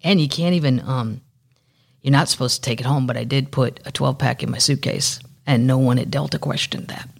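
A woman's voice: extremely low pitch, steady tone, brisk, gravelly, husky. A middle-aged woman hosting her own podcast, chatting casually with wry, rambling asides. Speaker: podcast host. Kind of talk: casual solo chat.

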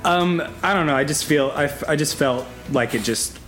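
A man's voice: a little high, moderate pace, a bit bright, soft background music. A man in his thirties, a podcast guest, talking candidly and laughing often, swearing freely. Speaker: podcast guest, former reality show contestant. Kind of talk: casual chat.

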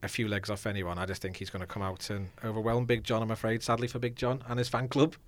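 A man's voice: lowish voice, level tone, fast talker. A man co-hosting a casual podcast, cheeky, blunt and joking. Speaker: podcast co-host.

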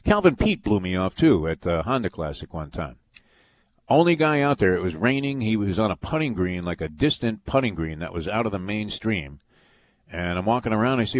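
A man's voice: fairly low pitch, expressive, moderate pace. A man hosting a sports radio show, telling long rambling stories with lots of fillers and restarts. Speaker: radio sports talk host. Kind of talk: casual storytelling on sports radio.

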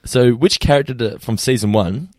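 A man's voice: medium pitch, darkish tone, no echo, studio quality. A man co-hosting a podcast, hosting a trivia segment in casual chat. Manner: quick, runs a trivia segment with many restarts. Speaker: podcast co-host.

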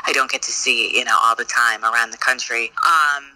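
A woman actress in an interview, chatting in a bubbly, gushing way with lots of fillers and quick asides. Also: a bass voice, fairly even intonation, sharp tone, no room sound, rough recording. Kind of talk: casual interview chat.

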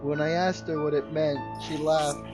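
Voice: medium pitch, flat delivery, moderate pace, music in the background. A casual co-host reading scary internet stories aloud, stopping often to joke and laugh. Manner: giggly, interrupts himself to joke. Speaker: story reader, co-host. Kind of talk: casual comedic story reading.

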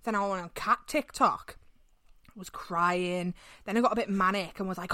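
Young woman, podcast co-host, bright and slightly high voice, loose and sweary, dry close mic. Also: normal speed, dry recording. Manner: animated, sweary storytelling. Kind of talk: casual chat.

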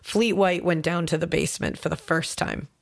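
At normal speed and with fairly even intonation, a woman with a fairly low, gravelly voice talks her co-host through a crime case. The podcast chat is casual, storytelling in style, and heavy on fillers.

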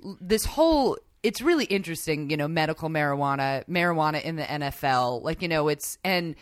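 A woman co-hosting a podcast in casual chat, rambling and animated, often laughing. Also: sits low, fairly quick, no room sound. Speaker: podcast co-host.

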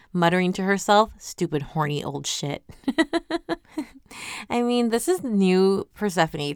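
A woman with a lowish, smooth and resonant voice talks through a webtoon episode in a casual way. She is animated and full of questions, and she reads viewer comments aloud as the host. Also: dry recording, studio quality. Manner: animated, asks many questions.

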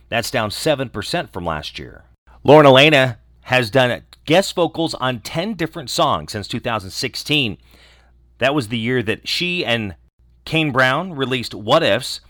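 Man reading brisk entertainment news. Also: mid-range voice, fairly bright tone, no room sound, clean studio sound. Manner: brisk, informal delivery with asides.

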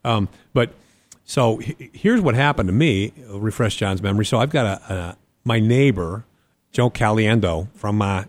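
This man co-hosts a podcast and, in casual chat, tells a story while acting out the voices of the people in it. His voice is on the low side and his pace moderate. The recording is dry, and his delivery is animated.

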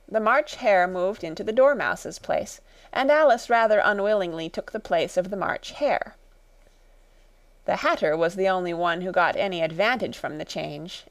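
A woman reading a classic storybook aloud as narrator, steady and expressive. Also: lowish voice, no room sound. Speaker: audiobook narrator.

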